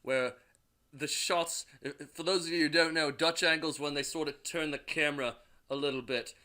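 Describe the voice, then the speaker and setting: A young man sums up a film's plot as a movie reviewer, crude and casual, swearing all the time and sometimes acting out a line from a character. He talks at normal speed in a slightly high voice with fairly even intonation and a sharp tone.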